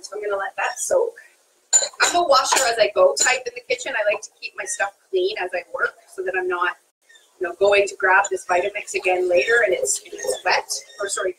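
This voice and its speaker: Bubbly high-voiced woman chef. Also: sharp tone, slight background noise, low-quality recording. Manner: chatty and bubbly, laughs often. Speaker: chef hosting a live cooking stream. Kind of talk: live cooking demonstration. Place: kitchen.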